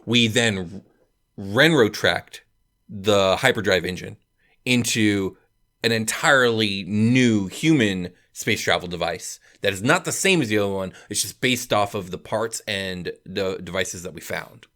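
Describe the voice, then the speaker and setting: A man's voice: on the low side, measured pace, fairly bright tone. A man co-hosting a casual podcast, talking through ideas with made-up examples. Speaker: podcast co-host.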